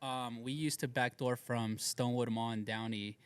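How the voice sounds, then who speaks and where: A man's voice: medium pitch, normal speed, slight background noise. A man telling street stories in casual chat, acting out quotes with lots of slang and swearing. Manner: animated, acts out quotes, heavy slang and swearing. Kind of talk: casual storytelling. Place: studio.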